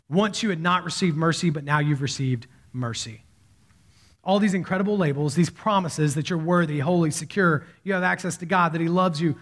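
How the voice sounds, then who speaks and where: Male pastor, 30s, chatty story-driven sermon, voice sits a bit high. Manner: conversational storytelling preacher, animated quoted voices.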